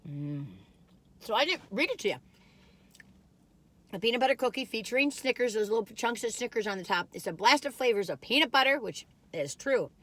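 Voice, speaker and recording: A woman's voice: on the high side, big pitch swings, brisk. A middle-aged woman chatting casually while taste-testing food, rambling and giggling as she goes. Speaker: food reviewer.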